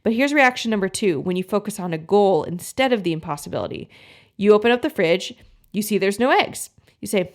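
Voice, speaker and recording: A woman's voice: mid-range voice, animated, normal speed. A woman health coach giving a motivational talk to viewers, encouraging and using everyday examples. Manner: encouraging, uses homely examples and acts out inner thoughts.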